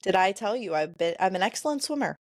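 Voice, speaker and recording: Woman co-host, book-club chat, sarcastic and lively, dry close mic. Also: medium pitch, fast, no echo. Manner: animated, sarcastic and swearing. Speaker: podcast co-host. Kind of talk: casual book-club chat and read-aloud.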